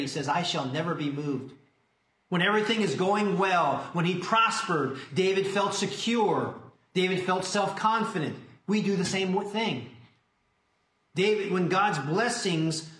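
A man's voice: high voice, fairly bright tone. Earnest man preaching in an echoey room. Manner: earnest preaching, slows to stress scripture. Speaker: pastor. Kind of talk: sermon. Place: church sanctuary.

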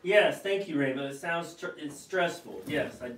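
A man's voice: fairly high pitch, moderate pace, a bit bright, roomy sound, distant mic, a little hiss or hum, poor audio. A man co-hosting a live stream, casually joking and reading viewer comments aloud.

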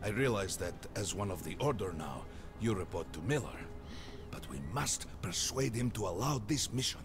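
An actor voicing a calm, wise male mystic guide in a video game, speaking in a grave, measured, urgent way. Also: on the low side, close to an everyday voice. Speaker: game character. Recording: game audio with music behind.

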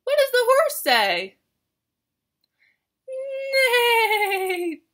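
Young female preschool teacher, high, bouncy sing-song read-aloud, unhurried, into a webcam. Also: sing-song, sharp tone, slight background noise. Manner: sing-song, exaggerated and encouraging for toddlers. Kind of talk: circle time read-aloud for young children.

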